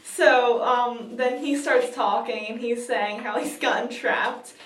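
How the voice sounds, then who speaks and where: Giggly young woman rambling excitedly, kinda high voice, echoey room, sitting back from the mic. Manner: giggly, gushing, fast with lots of fillers. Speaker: vlogger. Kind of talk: excited casual storytelling. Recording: roomy, distant from the mic.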